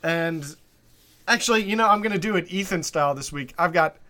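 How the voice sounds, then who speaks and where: A man with a high, bright voice hosting a comedy podcast. He riffs in casual, playful banter and delivers absurd guesses deadpan. His tone stays crisp and forward. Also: brisk. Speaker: co-host.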